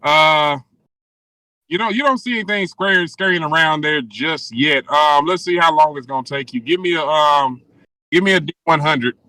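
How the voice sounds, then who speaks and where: A man running a tabletop game, relaxed and hesitant, with plenty of fillers. His voice is bright and a little high. The recording is dry and close, as on a live stream. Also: moderate pace, no room sound, low-quality recording. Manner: casual, hesitant, with many fillers. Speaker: game master.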